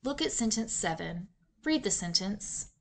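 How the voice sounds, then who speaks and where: A woman narrating a reading lesson in a clear, measured teacher's voice, posing questions to students. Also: mid-range voice, lively intonation. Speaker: reading instructor. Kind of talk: scripted instructional narration.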